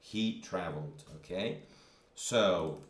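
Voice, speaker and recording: A man's voice: deep voice, takes it slowly, roomy sound. A man teaching a grammar lesson, patiently repeating examples and checking in with the listener. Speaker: language teacher.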